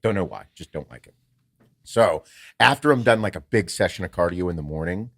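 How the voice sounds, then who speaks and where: A man with a somewhat low voice talks loosely on a podcast, swearing freely and rambling through jokes. The sound is dry and close, with no room around it. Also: expressive, brisk, no room sound. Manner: profane, joking, rambling. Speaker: podcast co-host. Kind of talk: casual chat.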